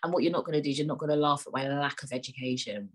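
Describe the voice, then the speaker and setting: A woman's voice: a bass voice, very fast, slight background noise, rough recording. A woman hosting a solo podcast, rambling in a chatty, joking, self-mocking way. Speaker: podcast host.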